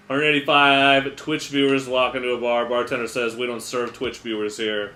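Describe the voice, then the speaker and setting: A man streaming live and improvising rambling comic stories and pun jokes in a deadpan way. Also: mid-range voice, moderate pace, hardly any pauses, echoey room. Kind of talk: improvised comedy.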